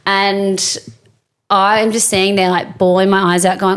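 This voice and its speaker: A woman co-hosting a podcast, telling a wild story in loose, casual chat. She fills her talk with likes and restarts and jumps into lively acted-out quotes. Her voice sits at an ordinary middle pitch. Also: moderate pace, clean tone. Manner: animated, acts out quotes, many fillers. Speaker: podcast co-host.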